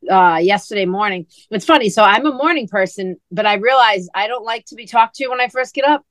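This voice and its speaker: A woman's voice: medium pitch, a little fast, fairly bright tone, dry recording. A woman co-hosting a podcast, chatting casually and telling stories, acting out what others said. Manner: chatty storyteller, acts out quoted talk. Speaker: podcast co-host and author. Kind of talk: casual chat.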